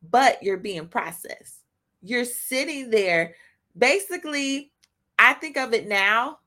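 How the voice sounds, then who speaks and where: A woman hosting a faith podcast, speaking off the cuff, emotional and choked up, halting with frequent restarts. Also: medium pitch, sharp tone. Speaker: podcast host giving a devotional. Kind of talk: spontaneous faith talk.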